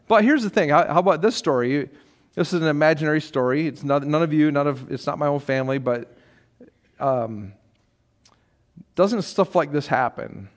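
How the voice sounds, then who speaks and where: A middle-aged man delivers a sermon in a church sanctuary, speaking in a slightly raised register. His delivery is conversational and full of restarts. Now and then he lifts his voice to act out what other people say. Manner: conversational preaching with frequent restarts and light laughs; acts out quoted voices with sharp rises in pitch. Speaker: pastor.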